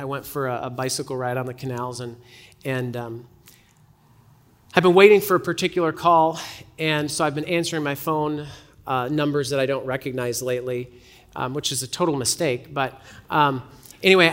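A man's voice: a little high, a bit bright, clean tone. A male pastor preaching a sermon in a conversational way, often repeating words as he restarts. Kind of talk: sermon with personal anecdote.

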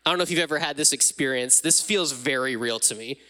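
A man's voice: mid-range voice, fast talker, pushed and bright. A young adult man preaching a casual sermon, talking conversationally and reading scripture aloud with rising dramatic emphasis. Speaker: pastor.

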